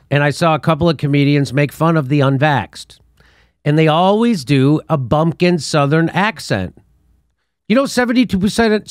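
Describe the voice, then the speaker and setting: A middle-aged man hosting a political commentary show, talking in an animated, scornful way and laughing between his points. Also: fairly high pitch, no room sound, clean studio sound. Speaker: show host.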